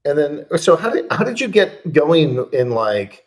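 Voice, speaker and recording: A man's voice: a little high, very animated, a little slow. Joking, rambling male interview host. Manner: rambling, joking questions, restarts. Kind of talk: casual interview chat.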